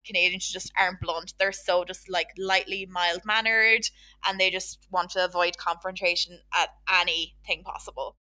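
A woman's voice: fairly low pitch, steady tone, normal speed, sharp tone. A woman with an Irish accent in casual conversation as a podcast co-host, chatty and blunt, with lots of "like". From Ireland. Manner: chatty and blunt, with frequent "like" fillers.

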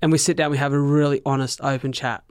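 An Australian man chats as a podcast guest, spinning a story with energy. His voice is smooth and clear, recorded up close in a dry, deadened room. He sits at an everyday middle pitch. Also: fast talker, no room sound. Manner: animated storyteller, acts out what others said. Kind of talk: casual podcast chat.

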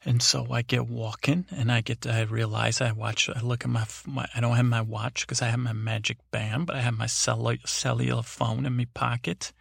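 A man's voice: medium pitch, little pitch movement, normal speed, gravelly, hardly any pauses, fairly bright tone, no room sound, clean studio sound. An older man hosting a podcast, telling a meandering, digressive story to help listeners fall asleep. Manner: meandering, digressive, self-talking. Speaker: podcast host. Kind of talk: slow rambling sleep storytelling.

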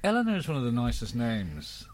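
A man's voice: medium pitch, wildly swooping pitch, a little fast, a little hiss or hum. Teasing male radio host. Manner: teasing, playful banter. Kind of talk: comedy panel chat.

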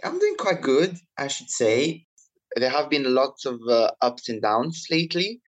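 A man from Italy with an Italian accent, a writer and activist being interviewed as a podcast guest. He speaks in measured, drawn-out phrases, often hedging with fillers. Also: medium pitch, sing-song, poor audio.

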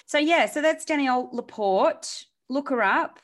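A woman co-hosting a podcast, chatting in a relaxed, blunt way and murmuring agreement often. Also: high-pitched, a little slow. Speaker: podcast co-host. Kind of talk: casual chat.

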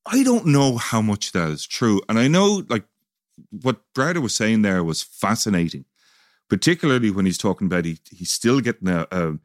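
A man's voice: on the low side, big pitch swings, dry recording, studio quality. A man co-hosting a podcast, curious and questioning in casual chat. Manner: curious, questioning, quick to agree. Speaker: podcast co-host.

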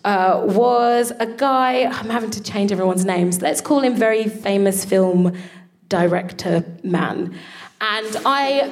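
A woman co-hosting a live show, telling a comic story on stage in an animated way, swearing freely and laughing through her lines. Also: mid-range voice. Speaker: co-host. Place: live venue with an audience.

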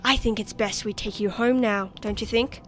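A woman's voice: on the high side, steady tone, moderate pace, faint music behind, close to an everyday voice. Smug, patronizing male cops, put on by a woman reader. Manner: patronizing, mock-polite. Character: smug, condescending male police officers.

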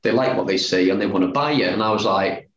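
A fast-talking former footballer with a low voice shares a story as a guest, rebuilding the dialogue line by line with "he said, I said" in a chatty way. The sound is lo-fi, echoey and roomy, with faint noise.

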